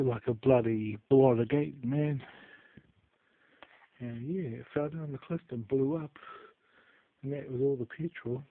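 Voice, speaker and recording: A man telling rambling stories in a casual vlog, swearing freely and trailing off into quiet asides. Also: fairly high pitch. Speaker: vlogger. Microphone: phone. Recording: tinny phone-like sound.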